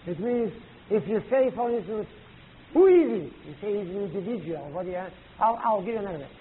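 A man teaching a class, halting and searching for words, with emphatic rising questions to students. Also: high-pitched. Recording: tinny lo-fi old tape recording with faint hiss.

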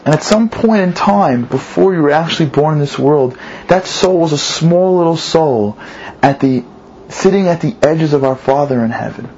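A man preaching through an animated story, repeating phrases for emphasis. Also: fairly high pitch, moderate pace, muffled recording, slight background noise. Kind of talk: storytelling sermon.

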